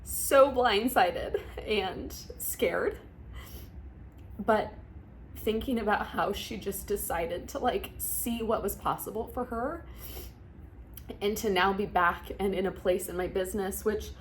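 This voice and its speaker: A young woman vlogging to camera, reflecting emotionally on her business and often pausing to restart her sentences. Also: medium pitch, a little hiss or hum. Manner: emotional, laughing through tears, many likes and restarts. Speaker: vlogger and virtual assistant business coach. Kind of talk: casual reflective talk to camera.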